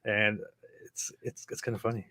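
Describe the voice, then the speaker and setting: A man co-hosting a casual livestream chat in a relaxed, easygoing way. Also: lowish voice, normal speed, no room sound, studio quality. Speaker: co-host.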